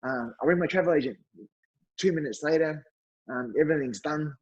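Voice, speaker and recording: A man's voice: fairly high pitch, a little fast, slightly rough, lo-fi sound. A man with an Australian accent telling a casual anecdote as a podcast guest, acting out what others said. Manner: animated anecdote teller, acts out quotes. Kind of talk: casual storytelling.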